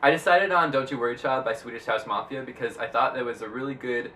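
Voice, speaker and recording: A young man vlogging in a chatty, rambling way, full of "like" and excitable bursts. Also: medium pitch, fast talker, distant mic, a little hiss or hum, rough recording. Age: young adult. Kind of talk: casual vlog monologue.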